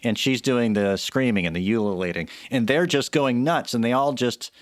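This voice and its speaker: A man's voice: mid-range voice, normal speed, no echo, clean studio sound. A man cohosting a podcast, chatting casually and giving strong opinions with many restarts, into a microphone. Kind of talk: casual chat. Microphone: studio microphone.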